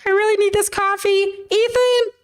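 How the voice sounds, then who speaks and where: A woman's voice: very high voice, fairly even intonation, moderate pace, voice pushed up. A woman doing a mock impression of an irritable male pundit, demanding and whiny.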